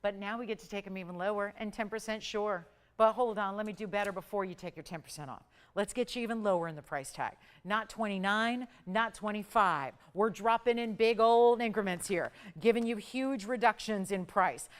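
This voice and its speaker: A woman hosting a live jewelry shopping show, pitching pieces and counting prices down in an upbeat sales patter. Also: moderate pace, clear, resonant tone. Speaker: shopping channel host. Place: TV studio.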